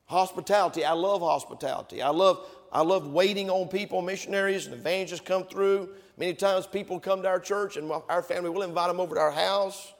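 A man's voice: high-pitched, fairly quick, few pauses, long reverb tail. A male pastor preaching a sermon to his congregation, emphatic and building to fervent peaks. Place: church sanctuary.

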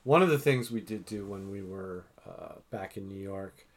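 A middle-aged podcast host chats casually with his daughter, poking fun at himself and filling his speech with fillers. He has a low voice and talks at normal speed.

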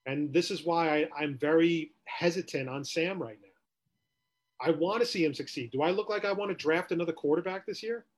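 A man's voice: fairly high pitch, normal speed. A man co-hosting a sports podcast, ranting with rhetorical questions in casual talk.

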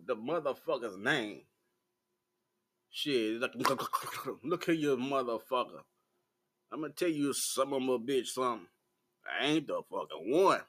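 A man in his forties with a Southern American accent, ranting bluntly and profanely to the camera in a slow, laid-back vlog. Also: mid-range voice, bright, forceful tone. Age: 40s. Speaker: vlogger.

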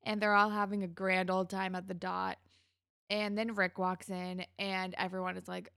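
A woman with a gravelly edge to her voice chats casually as a podcast co-host. She retells a TV episode scene by scene, acting out the characters' lines. The sound is dry and close. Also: mid-range voice, level tone, moderate pace, fairly bright tone, no room sound. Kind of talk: casual recap chat.

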